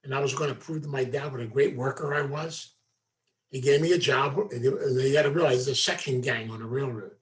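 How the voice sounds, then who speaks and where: A man's voice: medium pitch, a little fast. Folksy man telling a life story. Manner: folksy, conversational, many asides. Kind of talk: storytelling talk to a group.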